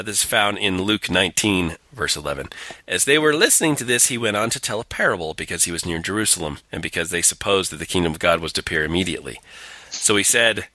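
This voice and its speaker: A man's voice: sits low, bright, forceful tone, no echo. A man co-hosting a casual talk show, sardonic and profane, reading scripture aloud in mock-dramatic tones. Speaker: podcast co-host.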